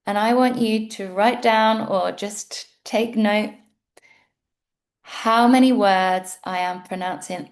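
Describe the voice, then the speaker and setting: Very slow, careful British woman teacher. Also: fairly high pitch. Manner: slow, carefully enunciated words for repeating. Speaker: English pronunciation teacher. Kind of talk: pronunciation lesson.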